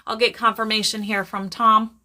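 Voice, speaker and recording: Her voice sits on the high side as she gives live psychic readings to viewers. The woman is chatty and animated, regularly laughing and firing off brief asides to the chat.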